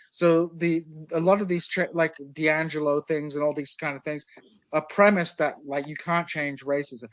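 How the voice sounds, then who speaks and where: A man's voice: on the high side, fairly bright tone, no echo. Heated, rambling man on a dull call line. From Kurdistan. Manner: digressive, heated, swears freely. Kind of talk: casual political discussion.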